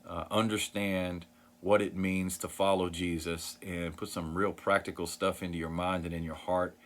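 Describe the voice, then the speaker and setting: Brief: low-voiced man, earnest video host, rambles a bit with lots of ums. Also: little pitch movement, moderate pace. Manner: earnest, rambling, many fillers and restarts. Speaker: Christian vlogger sharing book recommendations. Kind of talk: casual talk to camera.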